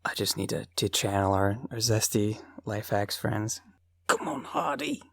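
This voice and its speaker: A woman's voice: very deep voice, level tone, moderate pace, no room sound, studio quality. A woman co-hosting a casual comedy podcast, giggling often and reading reviews aloud. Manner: giggly, reads reviews aloud with playful attempts at accents. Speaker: podcast co-host.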